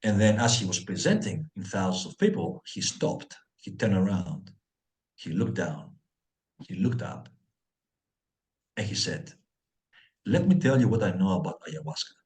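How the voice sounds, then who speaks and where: A man's voice: low voice, a little slow, pauses often. A middle-aged man from Greece, a guest on an interview podcast, telling his life story with lots of fillers and acted-out dialogue. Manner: animated storyteller acting out dialogue, many fillers.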